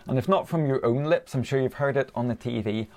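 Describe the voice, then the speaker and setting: A man's voice: medium pitch, fairly quick, a little mellow. A man preaching a sermon in a conversational way, asking his listeners rhetorical questions.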